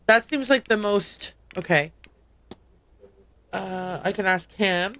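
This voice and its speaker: A woman with a mid-range, fairly bright voice speaks slowly while hosting a livestream. She chats casually and rambles about the game she's playing, frequently pausing to correct herself.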